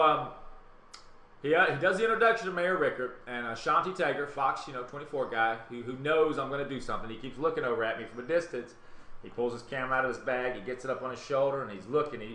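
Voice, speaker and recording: A man with a Southern US accent hosting a live web talk show, telling a story in a casual, animated way and acting out other people's lines. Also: medium pitch, fast talker. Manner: animated, acts out quotes in other voices. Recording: roomy webcam stream with faint hiss.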